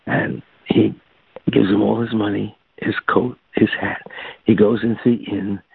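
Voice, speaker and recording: A man telling a religious tale, halting, with frequent restarts and fillers. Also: on the low side, flat delivery, vocal fry, breathy edge, no room sound. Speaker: storyteller. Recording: tinny phone-like, dry recording.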